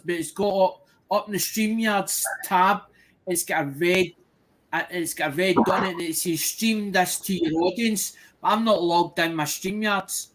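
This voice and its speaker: High-voiced Scottish man on a call. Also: fairly bright tone. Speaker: guest. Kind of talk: casual live-stream chat. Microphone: video call.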